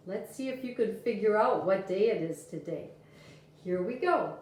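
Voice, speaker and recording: A woman teacher giving a video lesson to young children, gentle and sing-song as she talks to the kids. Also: mid-range voice, lively intonation, normal speed, recorded from a distance. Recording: echoey room, voice from off the mic, faint noise.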